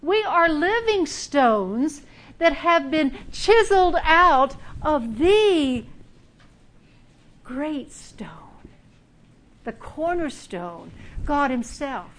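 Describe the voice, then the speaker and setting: A woman's voice: high voice, very animated, very slow, long pauses. A middle-aged woman giving a sermon, emphatic and telling personal stories. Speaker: speaker.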